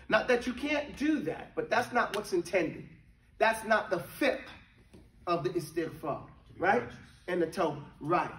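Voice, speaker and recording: High, bright-voiced man teaching a class. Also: expressive, a little slow, slight background noise. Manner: keeps checking in with the class, chants verses. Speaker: religious teacher. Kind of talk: interactive classroom lesson. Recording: echoey room from a distant mic.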